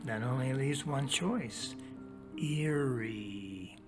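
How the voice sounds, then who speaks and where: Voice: medium pitch, animated, over music. A teacher reading a storybook passage aloud, then walking listeners step by step through a worksheet, talking straight to them. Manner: slow, deliberate, spells out each step; talks straight to young listeners.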